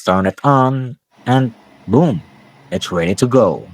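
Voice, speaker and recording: A man's voice: medium pitch, animated, takes it slowly, slight background noise. A male student vlogger casually and eagerly talking through his home tech, with small slips and restarts. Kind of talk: casual tech vlog talk. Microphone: clip-on wireless mic.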